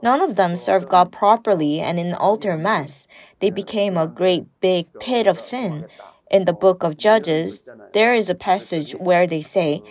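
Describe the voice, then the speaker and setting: A woman's voice: fairly low pitch, measured pace, darkish tone. A woman preaching an earnest sermon who puts questions to her listeners.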